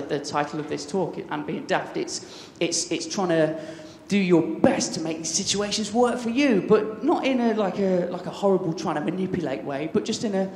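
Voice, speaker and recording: Speaking at a conference, this English man in his thirties sounds enthusiastic and conversational, though he keeps tripping over restarts. His voice, a touch high for a man, rings through a big reverberant hall with faint noise in the background.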